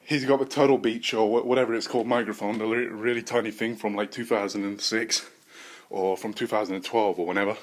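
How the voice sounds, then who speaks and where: A man's voice: fairly low pitch, fairly even intonation, fast talker. A man hosting a podcast, improvising a comic story in a rambling, profane way. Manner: rambling, profane, many fillers and restarts. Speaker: podcast host.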